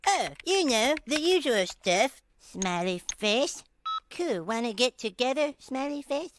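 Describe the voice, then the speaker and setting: A man's voice: very high-pitched, big pitch swings, a little slow, a bit bright, slight background noise, exaggerated voice. A man voicing a bratty, smug, scheming eight-year-old cartoon boy who whines and talks like a pompous grown-up. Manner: whiny and pompous, mock-grown-up. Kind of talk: cartoon voice acting.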